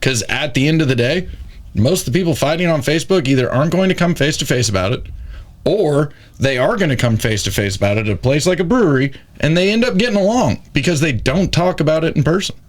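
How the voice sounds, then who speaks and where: A man's voice: on the high side, lively intonation, quick pace. A man co-hosting a podcast, making long winding remarks and prodding the guest for his story. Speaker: podcast co-host. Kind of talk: casual podcast conversation.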